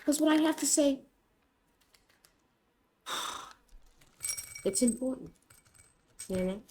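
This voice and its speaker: High, lively young woman vlogger. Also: very slow, a little hiss or hum. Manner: rambling, dramatic, self-mocking. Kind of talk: casual rambling vlog.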